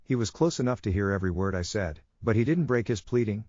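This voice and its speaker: Man narrating a creepy story, tense, deep voice, dry muffled audio. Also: expressive, fast talker, no echo. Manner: tense first-person retelling with shouted quotes. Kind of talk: scripted horror narration.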